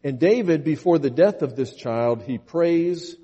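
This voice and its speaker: A man's voice: fairly high pitch, expressive, measured pace, warm tone, breathy edge, muffled recording. A man preaching a sermon, reading scripture aloud and driving his points home with earnest, emphatic repetition. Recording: long reverb of a large hall.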